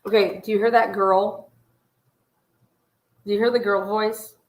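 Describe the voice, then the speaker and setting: A woman's voice: medium pitch, flat delivery, measured pace, echoey room. A woman hosting a commentary show, walking listeners through footage detail by detail. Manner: analytical, pointing out details. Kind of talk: case commentary over footage.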